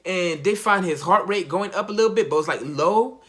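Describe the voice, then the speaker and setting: A young man, a college athlete, telling a personal story in a casual, slang-heavy, halting way. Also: high voice, fairly bright tone. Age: young adult.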